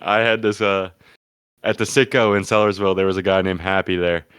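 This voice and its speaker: Smooth low-voiced young man joking. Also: steady tone, a little fast, fairly bright tone, no room sound. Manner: loose, profane storytelling with lots of "like" and "dude". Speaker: podcast co-host. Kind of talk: casual comedic chat.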